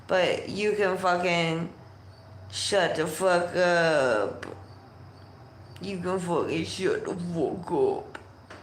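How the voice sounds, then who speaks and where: A woman's voice: lowish voice, a bit bright, roomy sound, a little hiss or hum. A woman talking casually on a stream, swearing a lot and moving between spoken verse and irritable rants.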